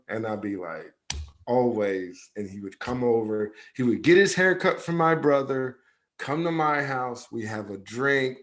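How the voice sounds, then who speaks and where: Man telling a personal story casually. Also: on the low side. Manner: loose, conversational, acts out quoted dialogue, repeats "yada, yada". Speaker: podcast co-host.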